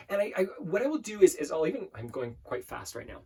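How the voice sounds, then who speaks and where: Teaching affirmations directly to camera, a man working as a life coach speaks earnestly, repeating words, restarting, and slowing to demonstrate. He has a fairly high, husky, slightly mellow voice with big pitch swings.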